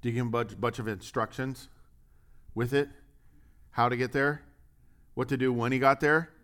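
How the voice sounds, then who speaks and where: A man's voice: mid-range voice, steady tone, normal speed, a bit bright. A man preaching a sermon from a church stage, asking lots of rhetorical questions with a bit of humor. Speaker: pastor.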